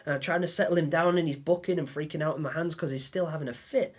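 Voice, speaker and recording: A young livestream host tells a story energetically, acting out the panicked things he said. His voice is a little high and he talks at a quick pace.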